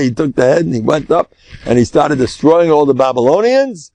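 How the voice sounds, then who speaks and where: Older rabbi telling a lively story. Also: male voice, mid-range voice, brisk, no room sound. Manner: lively storyteller mixing Hebrew and Yiddish terms. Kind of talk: storytelling Torah lesson.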